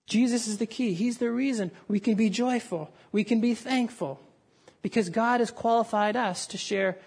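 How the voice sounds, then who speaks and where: Preacher telling a story. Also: male voice, sits high, darkish tone, slightly rough. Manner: dramatic storytelling, voices raised for the crowd. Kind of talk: sermon with a told story.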